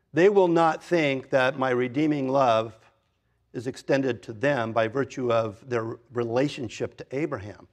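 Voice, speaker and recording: A man in his fifties or older, a pastor giving an expository sermon in a conversational way, with self-deprecating asides and wide swings in pitch and loudness for emphasis. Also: a little slow. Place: church sanctuary.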